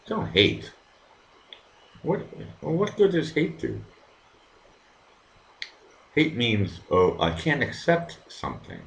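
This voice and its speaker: A man's voice: medium pitch, huge pitch swings, slow pace, vocal fry, pauses often, a bit bright, slight background noise. A man hosting his own live stream, reading the chat and ranting at viewers with lots of swearing. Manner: profane, heated, talks straight to viewers. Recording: echoey room.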